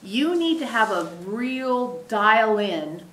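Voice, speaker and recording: Woman channeling for a spirit group, animated and emphatic, talking as we, roomy echo. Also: fairly high pitch, slow. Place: room with a small live audience. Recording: echoey room.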